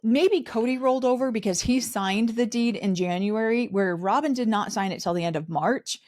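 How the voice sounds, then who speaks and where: A woman with a slightly high voice speaks at a moderate pace, co-hosting a podcast where she casually recaps a reality show. Raised in a polygamous community, she's animated and mocks the people she discusses with impressions.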